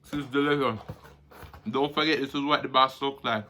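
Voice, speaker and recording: A man's voice: medium pitch, steady tone, normal speed, sharp tone, slight background noise. A Jamaican man chatting casually during a food-review mukbang, humming and murmuring between bites.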